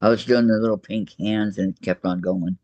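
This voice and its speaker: A man hosting a crafting video call, chatting casually and laughing often, with his voice going hoarse. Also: fairly low pitch, steady tone, a little fast, no room sound. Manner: chatty, laughs often, greets viewers warmly. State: losing his voice. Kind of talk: casual chat while crafting. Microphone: computer microphone on a video call. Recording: dull lo-fi video call audio.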